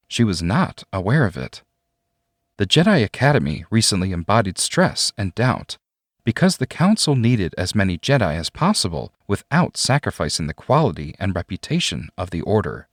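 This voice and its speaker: A man with a fairly low voice reads a sci-fi story aloud in a measured way. His pitch moves a lot across sentences. The recording is dry and close, with no room sound. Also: no echo. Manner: measured storytelling with expressive ups and downs. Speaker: narrator. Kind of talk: scripted audiobook narration.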